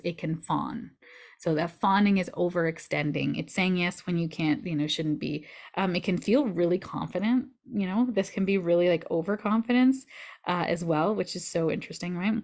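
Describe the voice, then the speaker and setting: A woman's voice: on the low side, a little mellow. A woman astrologer giving a casual weekly forecast in a chatty, reflective way, often adding "right?" to her points.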